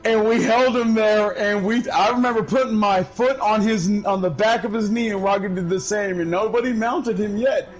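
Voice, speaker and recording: A male gaming streamer telling a story in casual chat, loud and profane, bursting into laughter, and high while he talks. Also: steady tone, normal speed, few pauses, faint music behind, rough recording. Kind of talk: casual storytelling over gameplay.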